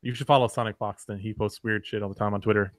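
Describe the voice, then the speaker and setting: A man's voice: fairly low pitch, fast talker, no echo, studio quality. A man hosting a casual live gaming show, teasing his co-hosts and pushing the conversation along. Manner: animated, teasing, pushy. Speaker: podcast host.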